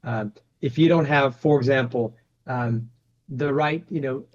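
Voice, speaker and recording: A man's voice: medium pitch, measured pace, muffled recording. A man speaking as a private equity guest in a casual interview, talking conversationally and often adding "you know" and "right?".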